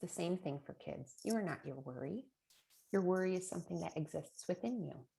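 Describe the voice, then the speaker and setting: A middle-aged woman talks parents through tips in a casual webinar. Her voice sits low with a gravelly fry, and she keeps checking in with a chatty "right?". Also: lively intonation, fairly quick. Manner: chatty, warm with laughs and rhetorical "right?". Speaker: early childhood presenter.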